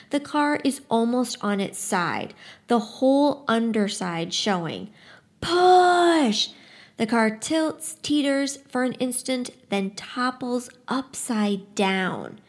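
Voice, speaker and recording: A woman's voice: a little high, slow pace. A woman giving a casual book talk, summing up a story in a chatty way and then reading a passage aloud with expression. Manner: chatty, relaxed, frequent "like" quotes; expressive first-person reading.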